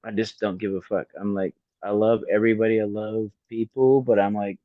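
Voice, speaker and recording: A man's voice: on the low side, fairly even intonation, a little fast, no echo, phone-quality sound. A man in his forties co-hosting a podcast in casual chat, effusive, emphatic and freely profane. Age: 40s. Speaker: podcast co-host.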